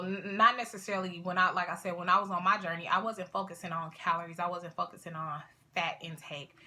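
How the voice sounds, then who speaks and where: A woman's voice: fairly low pitch, bright, forceful tone. A young woman vlogging casually to camera, chatty and rambling, with a sniffle. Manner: chatty, rambling, lots of fillers and asides.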